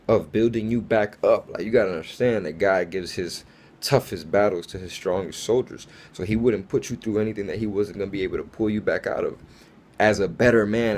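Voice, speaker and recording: A man's voice: fairly low pitch, darkish tone, a little hiss or hum. A man telling a personal faith story in an earnest, casual way, full of fillers like "like" and "bro". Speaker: faith testimony speaker.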